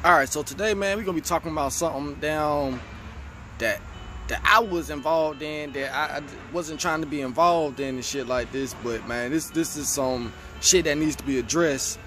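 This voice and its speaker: Profane, high-voiced young man ranting. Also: moderate pace, a little hiss or hum. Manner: profane, animated, streetwise slang. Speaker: vlog host. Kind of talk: casual rant to camera. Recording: music playing under the voice.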